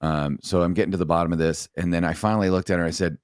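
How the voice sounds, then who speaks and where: Middle-aged ex-sergeant guest, very deep voice, blunt and profane, telling stories from the job. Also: male voice, fairly even intonation, quick pace, few pauses, no echo, clean studio sound. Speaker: former police sergeant, podcast guest. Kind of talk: casual storytelling in a podcast chat.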